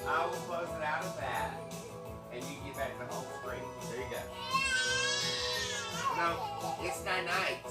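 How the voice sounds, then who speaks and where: Give me a slow, chatty mom who teases and laughs often on a home livestream. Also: female voice, sits low, over loud music. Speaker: cooking livestream host and mom. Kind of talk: casual live-stream chat. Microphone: phone.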